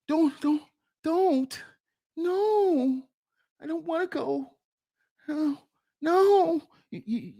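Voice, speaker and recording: A man mimicking a frightened grown man who stammers and pleads with a police officer in a high, whiny voice. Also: darkish tone.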